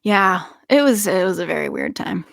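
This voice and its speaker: A young woman telling a personal story in casual conversation, animated, with frequent laughs and many restarts. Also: on the low side, normal speed, creaky, no echo, clean studio sound. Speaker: podcast guest.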